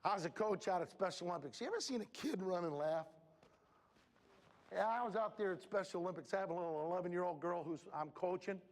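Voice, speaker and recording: A man giving a lively, jokey motivational talk to students at a school assembly, working the crowd. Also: quick pace. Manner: animated, punchy, jokey crowd work with big shifts in pitch. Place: large school hall. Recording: reverberant school hall.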